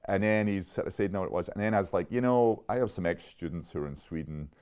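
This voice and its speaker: Low-voiced man telling stories. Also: quick pace, smooth. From Scotland. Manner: animated, laughing often, restarts mid-sentence. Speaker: interviewee, chemist. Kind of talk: conversational interview storytelling.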